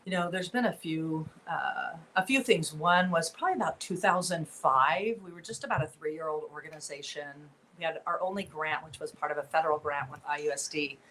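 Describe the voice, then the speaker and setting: A woman's voice: sits low, brisk, hardly any pauses, a bit bright, a little hiss or hum, poor audio. A middle-aged woman from Southern California, a nonprofit founder talking earnestly and with animation as a guest in an interview. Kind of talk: interview conversation.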